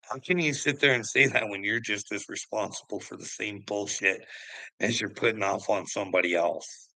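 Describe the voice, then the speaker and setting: A man's voice: lowish voice, normal speed, bright, forceful tone, no echo, low-quality recording. A man who vlogs, ranting profanely and laughing with scorn. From Canada. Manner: angry, swearing, laughing scornfully. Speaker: vlogger.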